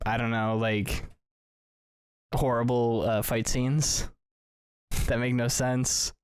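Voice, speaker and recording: A man co-hosting a podcast, chatting casually and tossing out quick joking questions. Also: mid-range voice, little pitch movement, clean tone, dry recording. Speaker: podcast co-host. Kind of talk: casual chat.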